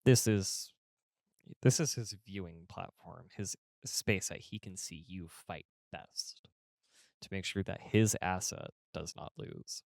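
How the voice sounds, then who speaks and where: A man's voice: low voice, slow pace, vocal fry, a little mellow, no echo, clean studio sound. A man narrating a tabletop game as game master, casual and rambling.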